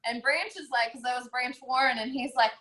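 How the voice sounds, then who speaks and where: Woman, from Texas, podcast guest, lively storyteller, high bright voice. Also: brisk. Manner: lively storyteller who acts out quotes. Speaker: podcast guest, fitness competitor. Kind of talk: casual interview chat.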